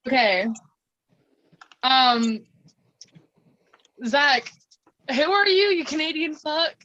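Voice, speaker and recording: A woman's voice: high voice, animated, drawn-out words, sharp tone, no room sound. A woman contestant doing a short comedy roast over voice chat, blunt and laughing at her own jokes. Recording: dull lo-fi voice chat.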